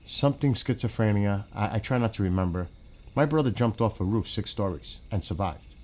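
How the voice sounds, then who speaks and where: A man's voice: fairly low pitch, expressive, brisk, a little mellow. A man on a gaming stream in casual chat. He talks bluntly and swears a lot, rambles and restarts his sentences, and often drifts away from the mic.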